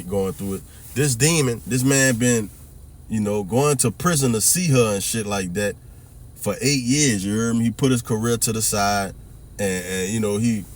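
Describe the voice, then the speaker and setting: A man giving a ranting, preachy commentary monologue that mixes in profanity and keeps asking whether the listener hears him. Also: on the low side. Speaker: religious commentary vlogger.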